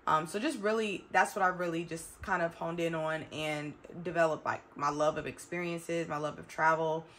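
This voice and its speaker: A woman's voice: deep voice, steady tone, moderate pace, fairly bright tone, a little hiss or hum. A woman in her thirties talking to her viewers in a chatty, emphatic way, often calling them y'all. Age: 30s. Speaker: vlogger. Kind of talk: reflective casual talk to camera.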